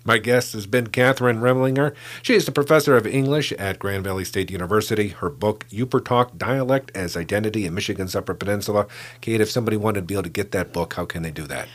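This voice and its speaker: A male interview host with a somewhat low voice. He asks long, wandering questions and fills them with "you know" as he goes. His delivery is relaxed and conversational. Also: quick pace.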